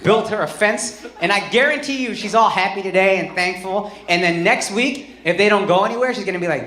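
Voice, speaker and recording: High-voiced man doing loud stand-up. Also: fairly quick, hardly any pauses, a little hiss or hum. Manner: loud, profane, bursts into shouting. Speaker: stand-up comedian. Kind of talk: stand-up crowd work. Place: live comedy venue with audience. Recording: roomy live venue with loud crowd.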